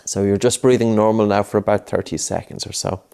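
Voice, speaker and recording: Low, mellow-voiced male breathing coach. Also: fairly even intonation, fairly quick, gravelly, smooth. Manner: patient, coaxing, repeats cues. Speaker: breathing instructor. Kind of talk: guided breathing lesson with a child.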